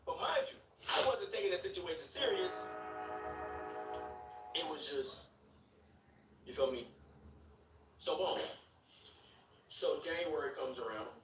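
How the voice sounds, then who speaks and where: A man's voice: fairly high pitch, measured pace, long pauses, distant mic, background noise. A man in his twenties from Chicago, telling a story to his stream chat. He talks casually with a lot of swearing and repeated words. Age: 20s. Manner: animated, profane, repeats words and laughs while telling the story. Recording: roomy room, mic set back.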